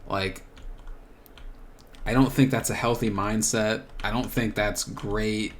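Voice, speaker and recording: A young man hosting a solo podcast, thinking out loud in a searching, rambling way with many filler words. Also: lowish voice, a little hiss or hum. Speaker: podcast host. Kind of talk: reflective solo monologue.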